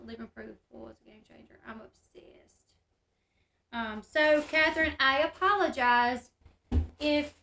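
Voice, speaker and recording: On her home livestream, this YouTube host speaks in a high, bright, gravelly voice, casual and talkative, pausing to read viewers' comments aloud. A clear echo from the room follows her words.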